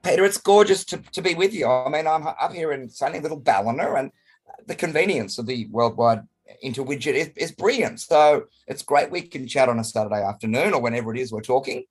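An Australian man with a hoarse, croaky voice from a chest cold, chatting expressively as an interview guest over a video call. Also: mid-range voice, fairly quick, faint music behind. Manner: chatty and expressive, colourful phrasing. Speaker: guest performer. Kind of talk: casual interview chat.

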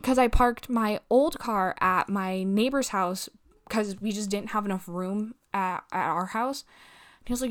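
A young woman tells a long story from her own life in an off-the-cuff way. She swears often and jumps into other people's voices as she retells what they said. Her voice sits in an ordinary middle pitch for a woman. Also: moderate pace. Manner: profane, animated retelling with acted quotes. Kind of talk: casual storytime chat.

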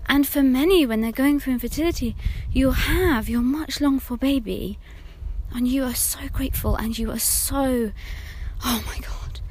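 A woman talking alone as a podcast host, earnest and intimate, often dropping to a hushed near-whisper. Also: high-pitched, moderate pace, slight background noise. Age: adult mother of older children. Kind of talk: reflective solo monologue.

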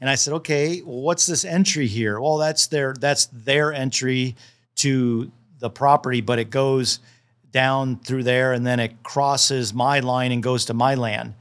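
A man's voice: mid-range voice, measured pace. A man casually telling stories in a podcast interview, acting out the dialogue with frequent restarts. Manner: animated, acts out dialogue in the stories; repeats and restarts often. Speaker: land specialist.

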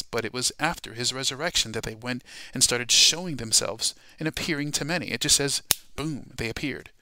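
A man teaching a Bible study class in a sermon style, emphatic and dramatic, slowing down to stress key words. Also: mid-range voice, gravelly, sharp tone, no echo.

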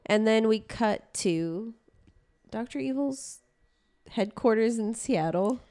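Woman podcast co-host, sick and hoarse, naturally raspy voice, laid-back and wry. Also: on the high side, lively intonation, slow, warm tone. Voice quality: raspy, smoker-like voice. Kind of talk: casual chat about a film.

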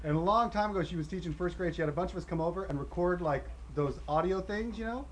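A man's voice: high-pitched, fast talker, slight background noise. A man telling a story in a loose, casual way, laughing as he talks. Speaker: comedy show cast member. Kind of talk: casual chat.

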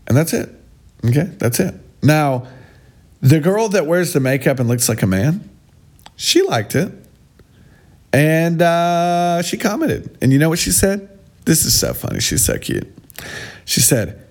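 A man's voice: a little high, very animated, measured pace. A man vlogging sarcastic, mocking commentary on posts he reads aloud.

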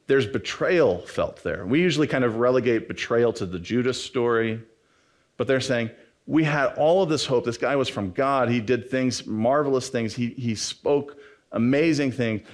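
A man preaching a sermon in a conversational way, acting out the characters' lines with a raised, animated voice. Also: medium pitch, unhurried. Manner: animated, acts out quoted dialogue in a raised voice.

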